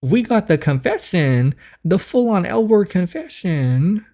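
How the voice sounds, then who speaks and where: A man hosting a story-game playthrough, reacting with loud, excited squeals and exclamations. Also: high-pitched, takes it slowly. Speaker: gameplay channel host reading a story game aloud.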